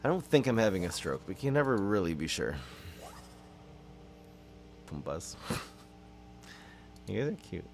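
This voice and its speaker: A young man giving casual, excitable gameplay commentary and teasing banter to his viewers. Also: on the low side, brisk, vocal fry, pauses often, a little hiss or hum. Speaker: streamer. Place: dim room at his parents' home.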